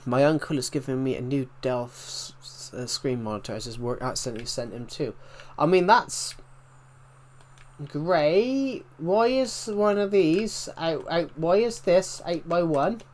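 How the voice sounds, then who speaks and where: A man's voice: fairly high pitch, lively intonation, a little slow, darkish tone. A young British man chatting casually while live-streaming a game and reading out viewer comments, rambling with restarts and mild swearing. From Britain.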